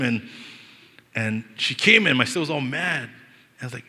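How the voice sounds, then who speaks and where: A young adult man from Hawaii with a Hawaiian Pidgin-inflected accent, preaching a storytelling sermon, animated and joking, acting out the voices of the people in his stories. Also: mid-range voice, normal speed, pauses often, husky. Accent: Hawaiian Pidgin-inflected English. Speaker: pastor. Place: church hall. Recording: long reverb of a church hall.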